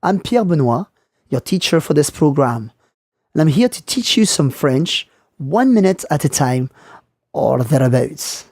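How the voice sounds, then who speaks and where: A man teaching French in a scripted lesson, speaking clearly and saying model phrases slowly for learners. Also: fairly high pitch, very animated, darkish tone, no room sound, clean studio sound.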